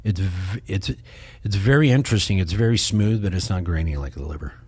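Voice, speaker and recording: Middle-aged male podcast guest, husky low voice, close dry mic, rambling storyteller. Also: brisk, dry recording. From Kansas City, Missouri. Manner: rambling, animated, acts out quoted voices. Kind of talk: casual storytelling.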